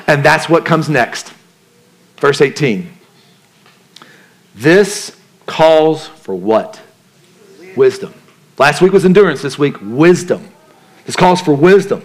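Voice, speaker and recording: A male pastor delivers a sermon in a conversational style, his voice sitting a little on the high side for a man. He keeps throwing questions to the congregation and slips casual slang and jokes into his teaching. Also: big pitch swings, takes it slowly, pauses often.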